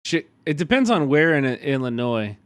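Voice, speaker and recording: A man with a Kansas City accent reacts live to a video, swearing freely and flaring into mock outrage. His voice sits a little high for a man. The sound is dry and close, with no room echo. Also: moderate pace. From Kansas City, USA. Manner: profane, excitable, bursts of mock outrage. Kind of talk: casual live-stream commentary.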